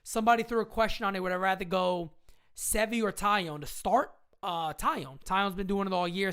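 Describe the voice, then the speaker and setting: A woman hosting a casual live stream chat, talking in slangy, emphatic bursts, repeating her points and answering viewer questions. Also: lowish voice. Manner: slangy fan talk, occasional swearing.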